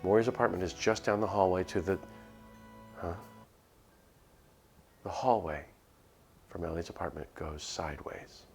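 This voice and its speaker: A man reads a spooky visual novel aloud on stream, voicing the narrator in first person. His delivery is nervous and earnest, with small slips he corrects. His voice is very deep and gravelly. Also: moderate pace, pauses often, darkish tone, soft background music. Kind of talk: dramatic first-person reading of a game script.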